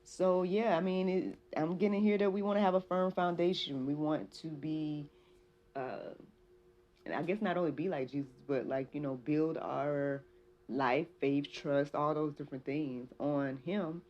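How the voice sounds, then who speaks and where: A woman hosting a faith podcast, talking casually and rambling with many fillers, reading Bible verses slowly. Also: low voice, steady tone, a little mellow, muffled recording. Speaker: podcast host. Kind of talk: casual devotional talk.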